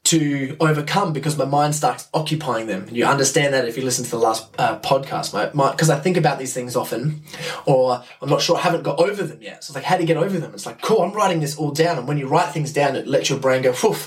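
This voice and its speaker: A man's voice: mid-range voice, fast, recorded from a distance. A young man, talking casually and enthusiastically on his podcast, rambling and swearing as he goes. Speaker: podcast host.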